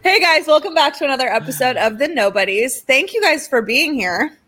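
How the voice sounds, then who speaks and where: A woman's voice: high voice, expressive, fairly quick, bright, forceful tone. A woman co-hosting a podcast, chatting in an upbeat, chatty way. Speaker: podcast co-host. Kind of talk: casual chat.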